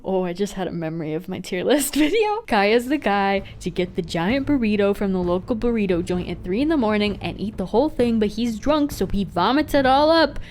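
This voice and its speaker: Young woman, gaming host, chatty and filler-heavy, mid-range pitch, studio mic. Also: very animated, a little fast, few pauses, darkish tone, a little hiss or hum. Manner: chatty, frequent "like" fillers, laughs often. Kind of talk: casual gaming commentary. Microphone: studio microphone.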